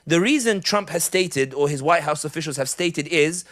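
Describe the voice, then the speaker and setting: A middle-aged man gives a live public speech as an animated storyteller with comic asides. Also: fairly high pitch, moderate pace, few pauses. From United Kingdom. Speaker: public speaker.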